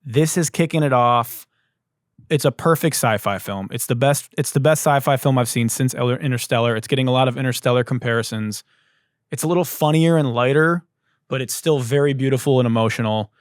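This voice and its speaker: Man, podcast host, casual comedic monologue, swears freely, dry close sound, mid-pitched voice. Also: brisk, dry recording. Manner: loose, profane, joking storytelling.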